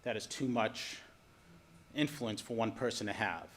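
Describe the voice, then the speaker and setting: A man's voice: lowish voice, unhurried, slight background noise. Firm man giving public comment. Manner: firm, advising, then softly caring. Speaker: resident speaking at public comment. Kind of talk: public comment at a council meeting. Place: city council chamber.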